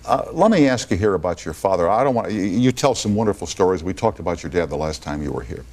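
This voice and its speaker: A man's voice: low-pitched, lively intonation, fast, darkish tone. A man hosting a TV talk show, bantering with callers and teasing his guest. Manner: joking, teasing. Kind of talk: TV interview banter. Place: TV studio.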